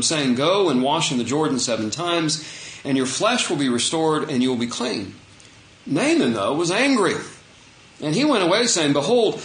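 Animated preacher man in an echoey room. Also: medium pitch. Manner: conversational, animated retelling with asides. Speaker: pastor. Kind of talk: sermon with Bible reading.

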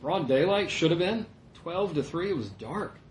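A man preaching a sermon in a conversational, animated way, often acting out the voices of people in the passage. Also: fairly high pitch, moderate pace, reverberant.

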